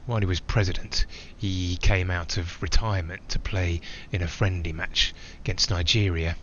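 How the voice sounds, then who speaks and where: A man's voice: low voice, bright, forceful tone, highs cut off, a little hiss or hum. An actor playing a man flying alone, who talks in a reflective, digressive way with small hesitations. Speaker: narrator-pilot. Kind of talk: theatrical monologue.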